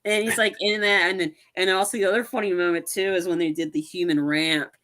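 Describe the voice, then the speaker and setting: A co-host of a movie review podcast in casual chat, telling scenes with animated retellings and many restarts. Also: medium pitch, fairly quick.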